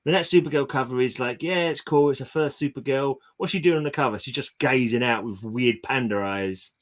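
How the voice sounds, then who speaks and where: A man talking comics in a loose, joking way, often restarting his sentences. His voice sits at an ordinary middle pitch for a man, and his tone is relaxed and conversational. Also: fairly quick. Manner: chatty, jokey, restarts mid-sentence. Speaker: comic collector co-host. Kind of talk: casual chat.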